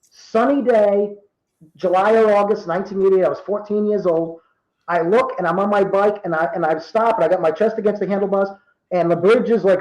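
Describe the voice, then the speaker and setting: A man in his fifties from Rhode Island, telling true stories in casual talk and acting out the quoted dialogue with lively energy. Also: high voice, roomy sound, rough recording. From Rhode Island, USA. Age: 50s. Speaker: guest. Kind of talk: casual storytelling.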